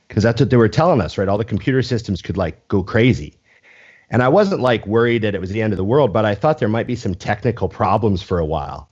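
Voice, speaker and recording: A podcast host chats casually, laid-back and swearing offhandedly. His lowish, slightly rough voice moves fast with lively intonation. The audio is dull, lo-fi podcast quality.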